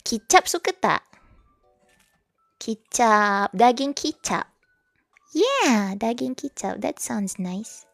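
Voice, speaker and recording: Young Malaysian woman streamer, chatty and giggly; higher, animated voice, slow unhurried delivery. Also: creaky, no echo, faint music behind. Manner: chatty, giggly, mixes languages mid-sentence. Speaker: VTuber streamer. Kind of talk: casual livestream chat while studying.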